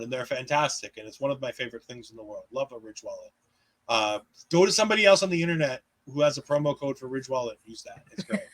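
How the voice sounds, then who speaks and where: High bright-voiced man recapping wrestling. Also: low-quality recording. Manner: animated, swearing, joking asides. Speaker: podcast co-host. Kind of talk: casual wrestling recap chat.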